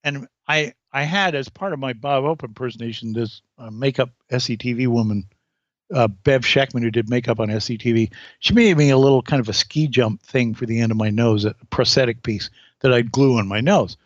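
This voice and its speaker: A man guest on a podcast, telling anecdotes in an animated way and acting out the voices. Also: mid-range voice, a little fast, dry recording, muffled recording. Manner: animated storyteller, acts out voices. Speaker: comedian guest.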